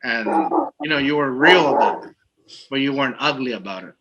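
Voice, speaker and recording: A man's voice: mid-range voice, a little fast, bright, forceful tone, lo-fi sound. A man co-hosting a casual podcast interview, rambling with lots of filler words. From Texas. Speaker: podcast co-host.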